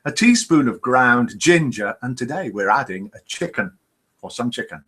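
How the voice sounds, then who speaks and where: Lively, bright-voiced male show host. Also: mid-range voice, normal speed, husky. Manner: chatty, reads out scores and names. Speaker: host of a live online show. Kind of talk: casual live-stream hosting.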